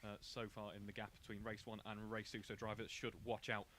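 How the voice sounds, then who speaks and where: A man's voice: lowish voice, a little fast, a little hiss or hum. A man giving live commentary on a kart race from a commentary box, steadily reading out the grid order. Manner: steady, reads out grid orders in long lists. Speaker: karting commentator.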